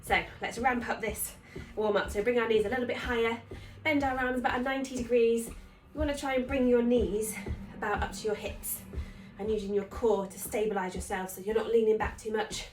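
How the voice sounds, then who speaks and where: She's a fitness instructor guiding an at-home workout, her slightly high voice fairly even in intonation as she speaks briskly with few pauses. Counting reps and urging people on, she runs short of breath. The room is echoey, she's distant from the mic, and there's slight background noise.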